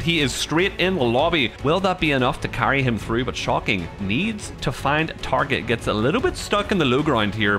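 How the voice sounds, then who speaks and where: A young man giving casual, excitable commentary over his own gameplay, laughing and swearing, sometimes slipping into mock sportscaster play-by-play. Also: on the high side. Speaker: gaming YouTuber.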